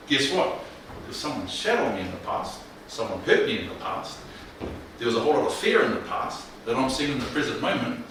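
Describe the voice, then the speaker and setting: A man leading a mental health workshop, speaking in a colloquial, animated way and often questioning the audience. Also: mid-range voice, normal speed. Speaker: workshop presenter. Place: room with live audience. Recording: echoey room, distant mic, faint noise.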